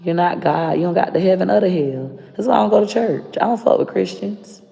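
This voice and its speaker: Gravelly, blunt Florida woman. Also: lowish voice, a little fast, warm tone, soft background music. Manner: blunt, profane, confrontational. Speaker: vlogger. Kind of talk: casual rant to camera. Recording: long reverb.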